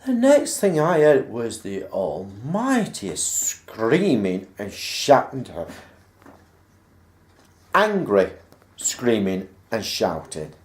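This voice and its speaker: A man's voice: medium pitch, huge pitch swings, extremely slow, pauses often. A man casually recounting a school memory, rambling and acting out the remembered dialogue. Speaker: vlogger. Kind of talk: casual personal storytelling. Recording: roomy echo.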